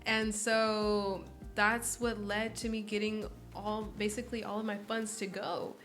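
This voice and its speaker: Expressive young woman podcast guest. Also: medium pitch, measured pace, soft background music. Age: early 20s. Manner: expressive storyteller, acts out quoted voices. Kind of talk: casual interview chat.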